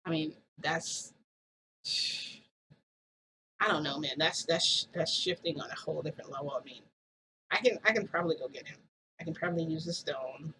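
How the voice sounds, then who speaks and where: A woman's voice: sits low, normal speed, long pauses, noisy background. A woman vlogger casually telling a rambling story to her viewers, full of "like" and side remarks. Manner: rambling, chatty retelling with lots of "like".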